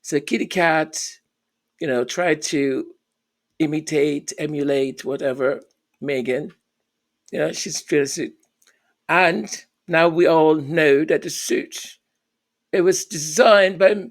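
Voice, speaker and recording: Slow, sarcastic high-voiced man. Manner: sarcastic, exasperated, repeats phrases. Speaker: royal commentary vlogger. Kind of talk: mocking commentary.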